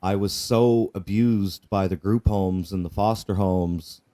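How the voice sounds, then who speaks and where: A man's voice: low voice, fairly even intonation, measured pace, dark tone. A man telling his personal testimony in an earnest, candid way, often repeating himself and asking "right?". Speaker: guest sharing his life story.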